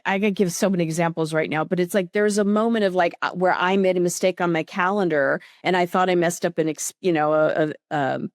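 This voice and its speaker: A woman guest on a podcast, telling animated stories and acting out her own inner thoughts. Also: lowish voice, no echo, clean studio sound. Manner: animated storyteller who acts out her own inner dialogue. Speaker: guest author. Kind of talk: conversational podcast interview.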